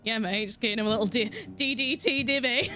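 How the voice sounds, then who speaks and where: Speaking with a Yorkshire accent, this avatar-using streamer keeps her gaming chat casual, cursing without restraint and laughing a lot. Her voice is fairly high and sharp in tone.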